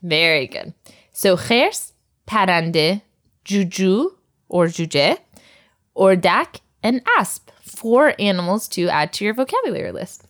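A woman's voice: mid-range voice, expressive, normal speed, a bit bright. A woman teaching a recorded language lesson, patiently drilling words and laughing often.

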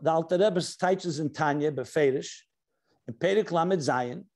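Male rabbi, high voice, lecture delivery, emphatic on key terms, reads texts aloud. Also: darkish tone. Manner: explanatory, stressing key words, mixing in Hebrew and Yiddish terms; reads quoted passages aloud. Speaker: rabbi teaching a class. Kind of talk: Torah lecture.

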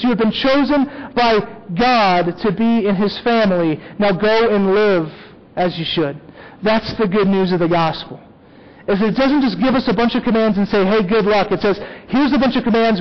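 A man's voice: sits high, normal speed, muffled recording. A man preaching a sermon as a pastor, talking conversationally and often checking in with "okay?".

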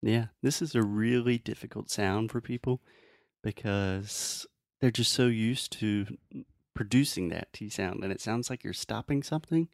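A man teaching English pronunciation in a relaxed, friendly chat, often demonstrating sounds. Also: on the low side, unhurried, creaky, no echo, clean studio sound.

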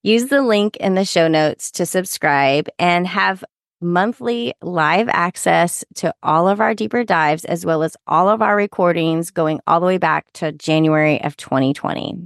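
A woman's voice: lowish voice, moderate pace, creaky, no room sound, clean studio sound. A woman co-hosting a podcast, asking friendly, encouraging questions. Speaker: podcast co-host. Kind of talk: casual podcast chat.

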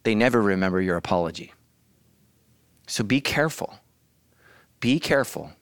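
Male pastor, lively swinging delivery, dry close sound, sermon with loud outbursts. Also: on the low side, normal speed, no echo. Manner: animated, bursts into loud acted shouts. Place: church.

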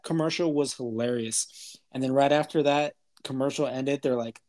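Excited man gushing about a movie. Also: mid-range voice, normal speed. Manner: enthusiastic, excitable, says dude. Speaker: podcast co-host. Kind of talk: casual chat, movie review.

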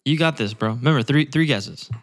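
A man's voice: mid-range voice, fairly quick. A young man from Northwest Arkansas co-hosting a casual podcast, teasing and quizzing his guest. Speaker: podcast co-host. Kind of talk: casual chat.

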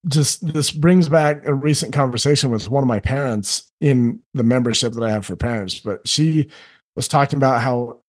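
A middle-aged man who works as a life coach, talking earnestly on a podcast and often acting out other people in quick asides. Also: mid-range voice. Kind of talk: candid podcast conversation.

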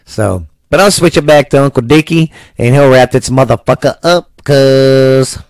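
A laid-back man from Texas rambles through friendly podcast talk, swearing casually. His pitch is average for a man. The recording is dry and close, with no echo. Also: normal speed, darkish tone. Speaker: podcast host.

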